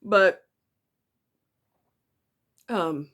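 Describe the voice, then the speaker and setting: A woman speaking in a personal confessional vlog, emotional and with a tight throat, talking haltingly with many ums and restarts and swearing bluntly. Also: medium pitch, a bit bright. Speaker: vlogger.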